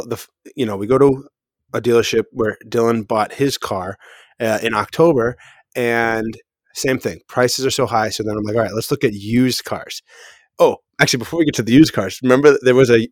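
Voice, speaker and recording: A man casually recounting a story to his podcast friends. His voice sits at an ordinary middle pitch and meanders with restarts and laughter. The sound is dry and close, with no room in it. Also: no room sound. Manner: rambling, laughs often, restarts. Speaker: podcast co-host.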